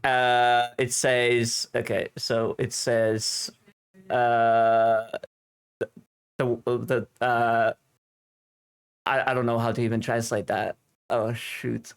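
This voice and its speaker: A man with a Finnish accent, a native Finnish speaker, chatting casually with his stream chat into a desk microphone at home, with halting English full of fillers. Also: medium pitch, level tone, clear, resonant tone. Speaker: livestream host.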